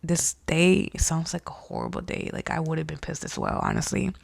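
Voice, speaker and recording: A young woman a gravelly, creaky voice, hosting a casual podcast. She reads listener stories aloud and reacts bluntly, swearing freely. The sound is dry and close, no room echo. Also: deep voice, huge pitch swings, brisk. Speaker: podcast host.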